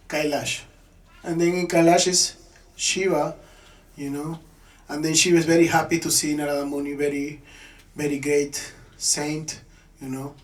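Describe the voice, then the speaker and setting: A man giving a devotional talk, retelling a story in an animated way with frequent "you know"s. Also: a little high, recorded from a distance, rough recording.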